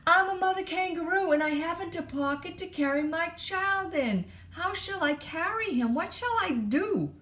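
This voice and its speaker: A woman voicing a timid mother kangaroo with a high, squeaky, pleading voice, in a picture book read aloud. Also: sing-song, measured pace, a little mellow.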